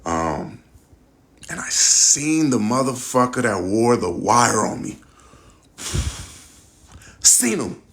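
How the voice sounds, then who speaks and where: A man's voice: medium pitch, big pitch swings, takes it slowly, vocal fry, pauses often, a bit bright. A young man hosting a podcast, telling a personal story casually, with candid, reflective talk and plenty of swearing. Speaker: podcast host.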